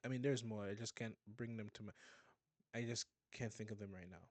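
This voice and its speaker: Animated Caribbean man, dry close sound. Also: lowish voice, fairly quick, no echo. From West Indies. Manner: rambling and animated, with many restarts. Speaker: reaction video host. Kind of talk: casual reaction commentary.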